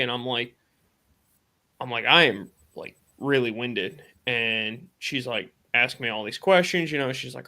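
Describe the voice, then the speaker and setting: A man's voice: mid-range voice, vocal fry, sharp tone. A man hosting a live stream, casually retelling a personal story in a rambling way with lots of fillers and quoted thoughts. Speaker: podcast host.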